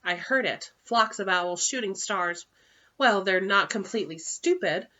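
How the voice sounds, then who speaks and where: Stern older witch professor, read by a woman, brisk and irritable; muffled lo-fi audio. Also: mid-range voice, lively intonation, pushed and bright.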